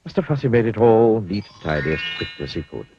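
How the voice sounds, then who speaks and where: A man narrating a children's cartoon story in a gently wry storytelling manner. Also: lowish voice, big pitch swings, quick pace, soft background music. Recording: dull lo-fi old cartoon audio.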